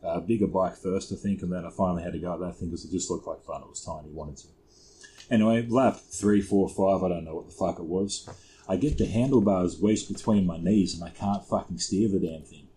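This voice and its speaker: A man's voice: deep voice, fairly quick, mellow, poor audio. A young Australian man, co-host of a podcast, telling stories in a casual, sweary, laid-back way. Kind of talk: casual storytelling chat.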